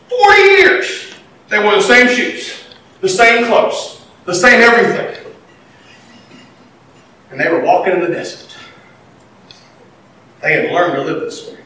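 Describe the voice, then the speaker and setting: Male pastor, high ringing voice, preaching from a distance in a big reverberant room. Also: a little hiss or hum. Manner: animated preaching, swinging between loud and quiet. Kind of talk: sermon. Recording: echoey hall, mic at a distance.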